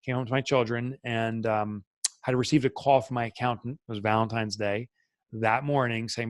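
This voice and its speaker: A man's voice: medium pitch, fairly even intonation, moderate pace, no room sound. A middle-aged man, a podcast guest, telling a candid personal story in an earnest, reflective way with many fillers.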